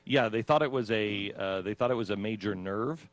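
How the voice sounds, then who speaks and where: A radio talk show host speaks fairly quickly in a fairly low voice, with no echo. He casually recounts his own ordeal, acting out his panicked reactions and laughing along the way.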